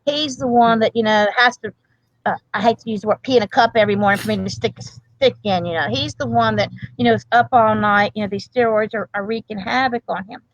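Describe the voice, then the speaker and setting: A woman's voice: on the high side, quick pace, no room sound. Earnest grandmother telling a story, lo-fi. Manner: earnest, rambling with restarts. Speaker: grandmother and medical provider, guest. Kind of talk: emotional casual interview talk.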